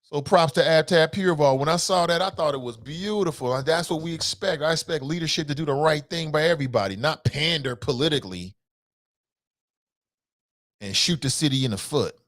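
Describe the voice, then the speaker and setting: A man with a Cincinnati accent hosts a solo talk show with a voice pitched a bit high. He sounds impassioned and a little profane, getting loud one moment and dropping to muttered asides the next. He reads listener comments between his rants. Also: a little fast.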